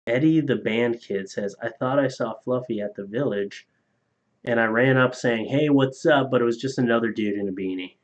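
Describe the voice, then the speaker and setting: A man's voice: medium pitch, moderate pace. A man on a casual live stream reading viewer donations aloud, loose and profane, laughing at his own jokes. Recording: slightly dull lo-fi stream audio.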